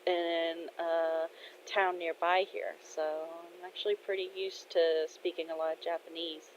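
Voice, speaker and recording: A woman voicing a young woman new in town who talks softly, hesitantly and apologetically, told as a spoken fan story. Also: on the low side, flat delivery, a little slow, slight background noise, lightly acted. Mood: polite. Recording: dull lo-fi recording.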